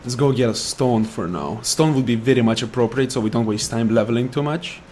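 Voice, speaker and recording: A man's voice: mid-range voice, fairly quick, a little mellow, slight background noise. Sarcastic man ranting over gameplay. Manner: ranting, sarcastic, taunts enemies. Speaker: gaming YouTuber. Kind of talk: gameplay commentary with rants.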